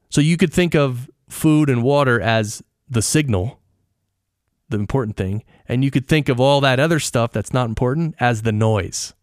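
A man's voice: medium pitch, dry recording, studio quality. Chatty middle-aged male podcast host. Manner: chatty, explanatory, asks the listener questions. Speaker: podcast host and audio engineer. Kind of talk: casual solo podcast talk. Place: treated home studio with foam and rug. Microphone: close studio microphone.

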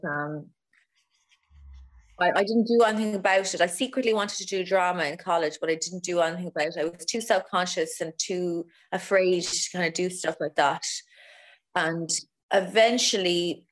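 Chatty Irish woman comedian. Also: lowish voice. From Ireland. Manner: chatty, self-deprecating storyteller. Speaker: guest comedian. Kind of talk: casual interview chat.

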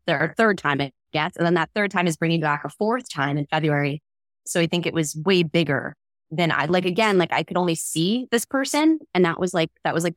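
Young female co-host, earnest and emotional, lowish pitch, dry close mic. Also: no echo. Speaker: podcast co-host. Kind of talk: casual chat.

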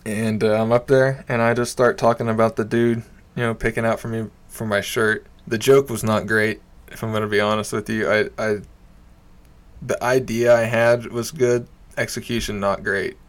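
An amateur stand-up comic with a somewhat low voice and moderate pace tells a bar story in a loose, rambling way. He swears often, leans on "you know" and "like," and laughs while recounting it, staying animated.

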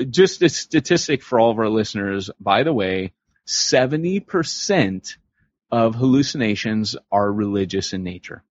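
Husky low male podcast host, animated, dry slightly muffled recording. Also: no room sound. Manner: animated, acts out quoted voices. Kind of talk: casual podcast chat.

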